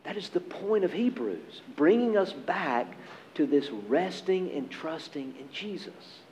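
A man preaching a sermon as pastor, earnest and emphatic, with dramatic pauses. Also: on the high side, big pitch swings, darkish tone, slight background noise, rough recording.

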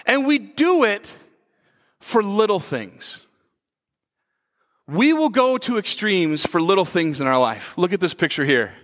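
A man in his thirties preaching a sermon, telling stories with lively, acted-out shouts. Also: high-pitched, a little slow, pauses often. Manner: animated storytelling, acts out his own shouts. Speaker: pastor. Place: church hall. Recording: long hall reverb.

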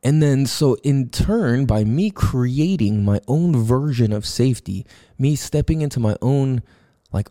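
A male podcast host talking in a casual, loose monologue with plenty of swearing and restarts. His voice is dark and mellow, and he acts out noises and his own reactions when he tells a story. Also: medium pitch, unhurried. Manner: loose and profane, with lots of fillers and restarts; animated storytelling, acts out sounds and his own quoted thoughts.

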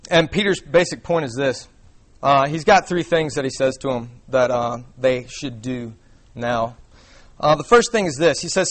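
A man's voice: a little high, lively intonation, normal speed, a bit bright. A young man preaching a sermon to a congregation in a casual, conversational way with many fillers. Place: church before a congregation.

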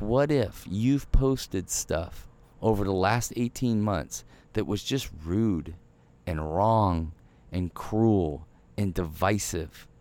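A male pastor gives a sermon in an easy, conversational way, with a fairly low voice. He acts out everyday apologies in quoted voices and slows right down to stress his key points. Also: darkish tone.

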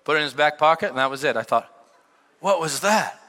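Animated preacher man in a reverberant hall. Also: fairly high pitch, brisk. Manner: animated storytelling with shouted peaks and dropped asides. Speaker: pastor. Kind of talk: sermon.

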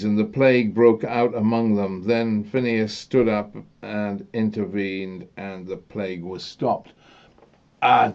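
A man delivering an opinionated monologue, musing aloud with pauses and growing indignant. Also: on the low side, gravelly, mellow, highs cut off.

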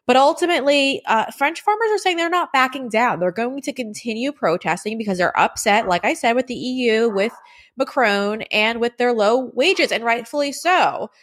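A woman hosting a news commentary show, presenting stories and interviewing a guest in a brisk, direct manner. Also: fairly high pitch, expressive, a bit bright. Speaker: show host.

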